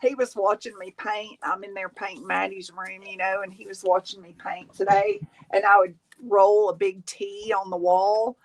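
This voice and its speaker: A middle-aged woman hosting a craft live stream, chatting casually and swooping into high cooing baby talk. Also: flat delivery, normal speed, hardly any pauses, poor audio.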